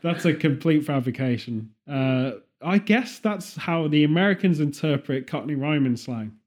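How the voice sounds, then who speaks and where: A man's voice: on the high side, animated, normal speed, darkish tone. An English man hosting a podcast, chatting casually with rambling, playful jokes and tangents. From England. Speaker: podcast host.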